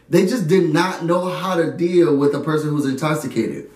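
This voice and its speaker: A young man telling a story in an animated way, often laughing and acting out his friends. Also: on the high side, moderate pace. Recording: echoey room, a bit far from the mic.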